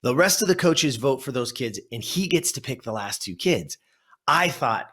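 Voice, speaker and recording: A man in his fifties from Southern California recounts a story as a guest on an interview show. He is an animated storyteller who acts out his memories. His voice sits at an ordinary male pitch. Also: moderate pace, slightly rough. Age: 50s. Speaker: guest, life coach.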